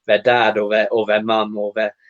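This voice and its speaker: An easygoing male podcast host with a low voice, guiding the chat with questions. The sound is a bit muffled and lo-fi. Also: monotone, normal speed.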